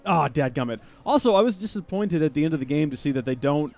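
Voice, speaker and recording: A man's voice: a little high, quick pace, faint music behind. A young man streaming live gameplay, chatting and thanking viewers as he plays. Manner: chatty and animated, thanking chat mid-game.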